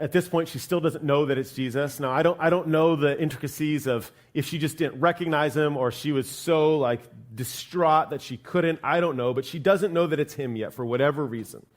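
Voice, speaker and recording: A man preaching a sermon as lead pastor in a church, talking in a loose, conversational way and often checking in with "right?". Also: a little high. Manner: conversational, repeats "right?" and starts words twice. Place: church sanctuary.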